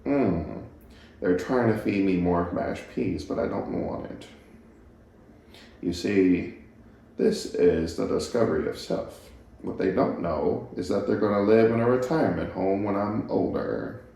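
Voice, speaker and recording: A man putting on a slow, deep, wise old narrator voice for a baby's inner thoughts, humming and musing quietly. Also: vocal fry. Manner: slow, hushed, musing with drawn-out hums. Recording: echoey room.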